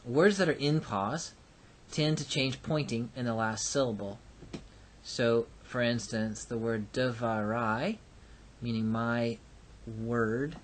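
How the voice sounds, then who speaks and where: A man teaching a recorded lesson, explaining patiently with frequent pauses and fillers. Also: medium pitch. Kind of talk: recorded lecture.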